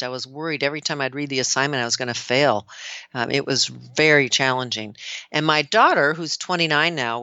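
Bright, upbeat woman in her sixties. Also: low-pitched, no room sound, muffled recording. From United States. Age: 60s. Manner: enthusiastic, animated storytelling. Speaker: guest, nurse practitioner. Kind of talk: casual interview talk.

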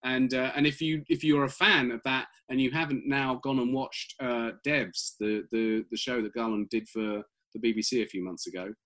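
A British man, a guest writer, chatting casually in an interview, animated and full of restarts. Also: medium pitch, moderate pace, hardly any pauses. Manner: animated, many restarts and repeated words.

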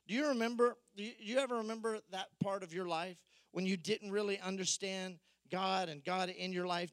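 High-voiced animated male preacher. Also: no room sound. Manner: animated storytelling, acting out the disciples' voices. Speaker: pastor. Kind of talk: sermon.

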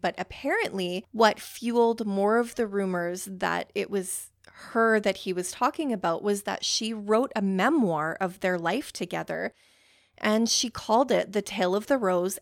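An excitable young woman hosts a casual book-talk podcast, rambling through her thoughts with plenty of "like" fillers and the odd swear word. Her voice carries a gravelly, fry-laden edge, and the recording is dry and close with no room sound. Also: mid-range voice, dry recording. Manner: easily worked up, swears casually. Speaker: podcast host. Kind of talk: casual book-review chat.

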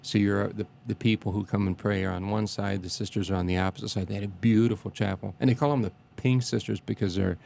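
Low gravelly man, halting and reverent. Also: fairly even intonation, a little mellow. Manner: halting, many restarts and fillers, reverent. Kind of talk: casual reminiscing interview.

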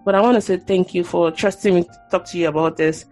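A woman's voice: lowish voice, steady tone, fast talker, darkish tone, soft background music. Earnest, reflective woman podcast host. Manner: reflective, earnest, thinks aloud with fillers. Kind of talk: candid conversation.

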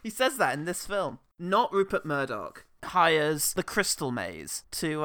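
A man's voice: on the high side, very animated, unhurried, sharp tone, no room sound. A man hosting a podcast, chatting casually, swearing and laughing often. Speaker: podcast host. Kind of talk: casual chat.

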